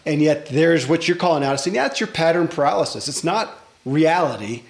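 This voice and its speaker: A man's voice: fairly high pitch, expressive, a little fast, vocal fry. Reflective male podcast host, echoey. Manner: reflective, self-questioning, conversational. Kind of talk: podcast interview.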